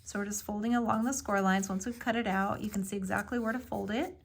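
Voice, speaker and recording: A woman's voice: mid-range voice, fairly even intonation, fast, gravelly. A woman giving a casual step-by-step craft tutorial, explaining each move with friendly fillers. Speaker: craft instructor.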